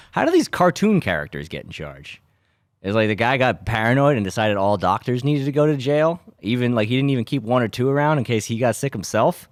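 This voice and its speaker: A young man, a podcast host rambling in a sarcastic deadpan way with lots of filler words. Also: sits low, dry recording. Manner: dry sarcastic delivery with frequent filler words. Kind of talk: rambling deadpan comedic monologue.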